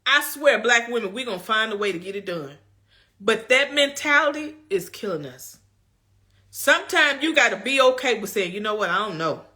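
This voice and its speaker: A woman's voice: fairly high pitch, animated, moderate pace, bright, forceful tone. A young adult woman vlogger giving a preachy, emphatic, folksy motivational talk straight to her viewers about self-care. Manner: colloquial, folksy. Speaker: lifestyle vlogger.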